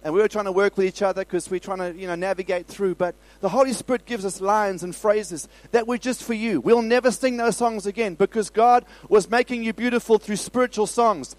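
A middle-aged man from South Africa preaching a lively sermon, repeating phrases and stumbling over restarts. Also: high voice, normal speed, few pauses, dry recording, low-quality recording. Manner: animated, repetitive preaching with stammered restarts. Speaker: pastor. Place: church service.

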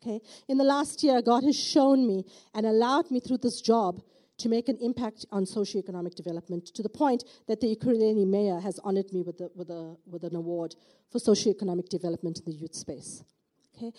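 A woman's voice: on the high side, a little fast, warm tone. A middle-aged woman with a South African accent gives an emphatic church testimony, often checking in with the audience by asking "okay?". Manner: emphatic, with repeated rhetorical "okay?" asides. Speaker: church speaker giving testimony. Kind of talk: preaching testimony.

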